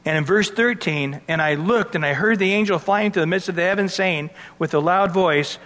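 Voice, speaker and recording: Preaching with a high-pitched voice at normal speed and few pauses, this pastor sounds a bit bright, and a long reverb tail trails his words. He reads scripture and explains it in a conversational, expository way, with asides to his audience.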